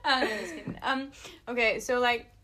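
Young female podcast host; playful, teasing, quick to giggle, with a high, bright voice. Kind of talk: casual chat.

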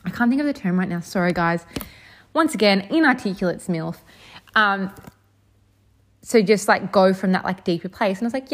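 A woman's voice: medium pitch, expressive, fairly quick. Chatty young woman telling a story. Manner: chatty, full of fillers like "um" and "like". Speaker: vlogger. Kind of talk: casual storytelling.

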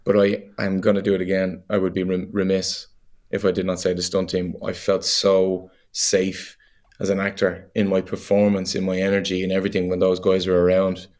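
An Irish man, a young adult actor, chatting as a guest in an interview, animated and full of fillers and laughs. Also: deep voice, normal speed. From Ireland. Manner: animated storyteller, laughs easily, many fillers. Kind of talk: casual interview chat.

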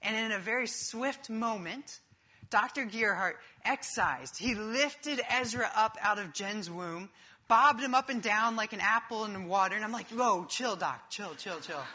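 A young man preaching a sermon, telling a personal story in a vivid, animated way. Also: sits high, normal speed.

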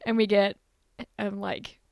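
A woman's voice: mid-range voice, level tone, takes it slowly, a little mellow, dry recording, clean studio sound. A young woman co-hosting a podcast in casual chat, steadily recapping a TV show's plot with frequent fillers. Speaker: podcast co-host.

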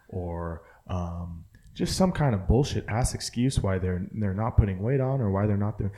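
A man's voice: fairly low pitch, brisk, warm tone. A young man co-hosting a podcast, chatting casually, profane and rambling with lots of filler words. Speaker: podcast co-host. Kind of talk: casual chat.

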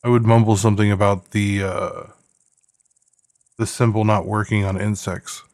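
A man's voice: lowish voice, flat delivery, moderate pace, darkish tone. A man playing a tabletop horror game, speaking casually about his character and asking about dice rolls. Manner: casual, asks rule questions. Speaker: player.

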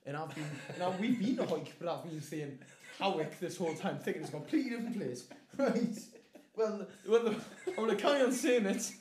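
Geordie male podcast co-host, high voice, laughs a lot, faint hiss in a roomy space. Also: fairly quick. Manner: sweary, laughs a lot mid-sentence, animated storytelling. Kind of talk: casual podcast banter. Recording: echoey room with faint noise.

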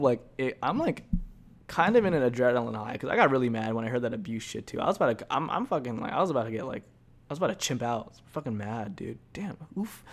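A young man hosting a podcast, rambling casually with lots of swearing, swinging between quiet confessions and loud animated bursts. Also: medium pitch.

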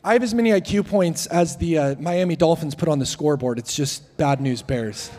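Young male guest preacher, high voice, jokey storyteller, hall echo. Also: a little fast. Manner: joking, self-deprecating, lively storytelling. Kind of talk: sermon. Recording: long hall reverb.

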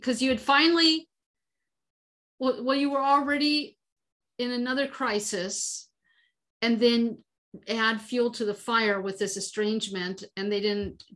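A woman's voice: on the high side, unhurried, long pauses, a bit bright. A woman hosting a podcast interview, asking probing, rambling questions. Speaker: podcast host.

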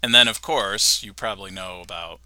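A man's voice: sits low, moderate pace, sharp tone. A man hosting a podcast, recapping a cartoon episode in a chatty way and laughing often. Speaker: podcast host. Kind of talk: casual chat, recapping an episode.

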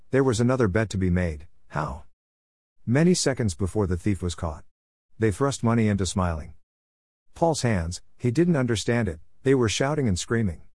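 A man's voice: lowish voice, darkish tone, no room sound, studio quality. A man reading a comic story aloud as narrator, playfully voicing the characters' lines.

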